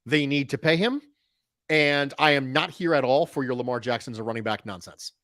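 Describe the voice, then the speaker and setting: A man's voice: mid-range voice, fairly quick, fairly bright tone, no room sound, studio quality. A man talking football on a podcast, emphatic and analytical, often repeating a point for stress. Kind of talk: casual sports podcast talk.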